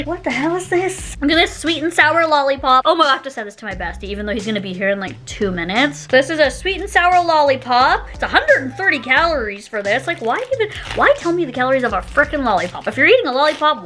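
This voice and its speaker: A young woman chatting casually as she unboxes and taste-tests snacks, giggling often and gushing with excitement. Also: sits high. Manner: giggly, gushing, lots of exclamations. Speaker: YouTuber taste-testing snacks.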